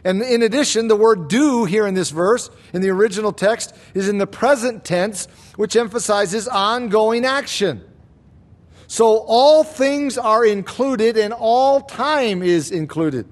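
A man with a high voice preaches a sermon to his congregation. He teaches in a measured, deliberate way and draws out key words for emphasis. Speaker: pastor.

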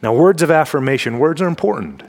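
A young man preaching a sermon in a church, emphatic and full of rhetorical questions, clearing his throat now and then. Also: a little high, expressive, quick pace, a little mellow. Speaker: campus ministry preacher. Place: church sanctuary.

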